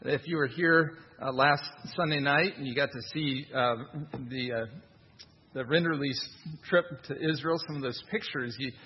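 A man's voice: mid-range voice, normal speed, husky, long reverb tail, highs cut off. A man preaching a sermon in a conversational, wry manner, with rhetorical asides. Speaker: pastor.

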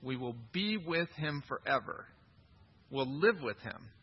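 Male pastor, sermon delivery, emphatic and questioning, breathy tone, dull lo-fi recording. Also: medium pitch, very animated, a little slow. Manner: emphatic, asks the congregation questions.

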